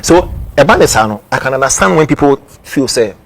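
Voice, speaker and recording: A man's voice: medium pitch, expressive, brisk, creaky. A man with a Ghanaian accent hosting a talk show, explaining a case point by point. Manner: explains point by point, laughs in between. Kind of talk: news commentary talk show.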